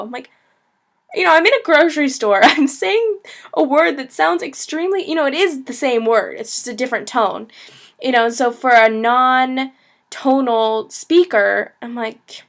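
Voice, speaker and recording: A young woman with a fairly high voice teaches a casual video lesson to the camera. She talks in a loose, chatty way, filling her sentences with "like" and "you know" and laughing often. She sounds friendly and informal, more like a chat than a lecture. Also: normal speed. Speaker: language teacher, travel vlogger.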